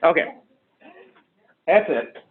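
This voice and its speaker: A man's voice: slow pace, heavy background noise. A man giving an informal medical lecture in a casual, conversational way, punctuated with frequent "okay"s. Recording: tinny phone-like sound.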